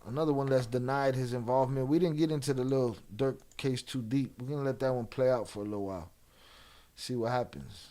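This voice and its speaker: A man's voice: medium pitch, brisk, mellow. A man hosting a livestream, chatting casually with viewers and teasing them with loose, profane banter. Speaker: livestream host. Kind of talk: casual chat with live viewers.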